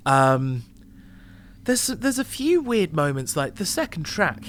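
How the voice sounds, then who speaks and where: A man co-hosting an album review chat, giving a measured, thoughtful critique with easy laughs. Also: fairly high pitch, sing-song, a bit bright. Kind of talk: casual chat.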